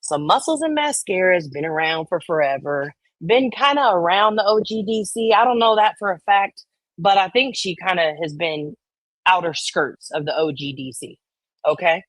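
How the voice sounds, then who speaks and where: A woman with a fairly low, animated voice hosts a livestream at a moderate pace, chatting casually and profanely about online drama. Conspiratorial in tone, she reads chat comments aloud and acts out quoted voices. The recording is dry.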